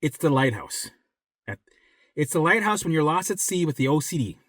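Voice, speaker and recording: A man talking straight to viewers as a recovery coach, blunt and profane, repeating himself for emphasis and dropping to a soft low voice when reassuring. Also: sing-song, moderate pace, breathy edge, dry recording, studio quality. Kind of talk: direct motivational talk to viewers.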